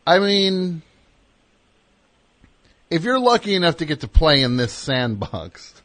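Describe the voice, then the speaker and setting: A man's voice: a little high, very animated, slow pace, a bit bright, no room sound, pitched above the performer's own voice, exaggerated voice. A man putting on the voice of a pompous, pontificating animation pundit. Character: pompous self-important male animation pundit.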